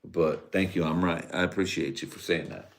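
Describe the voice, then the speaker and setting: A man's voice: low-pitched, steady tone, moderate pace. A man from Central California hosting a live stream, rambling through a profane casual rant with crude jokes and frequent laughter.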